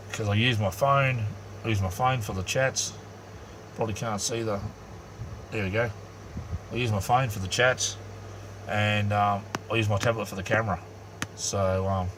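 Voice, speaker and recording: A man's voice: on the low side, fairly bright tone, slight background noise. Blunt rambling Australian man streaming. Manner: blunt, rambling, lots of ums. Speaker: YouTube live streamer. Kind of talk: casual live-stream chat.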